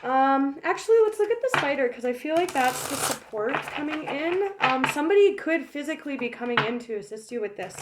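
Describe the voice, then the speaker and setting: Woman, tarot reader, high-ish voice, frank, swearing, emotional, chatty fillers. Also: a little fast, few pauses, background noise. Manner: animated, laughs often, emotional. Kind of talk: casual tarot reading.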